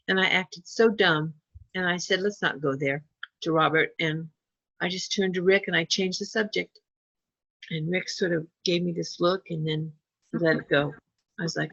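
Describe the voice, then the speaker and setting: A woman's voice: on the low side, normal speed, slightly rough, dry recording, dull audio. A woman telling a long personal story in casual chat, acting out what people said. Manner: chatty, animated when quoting people.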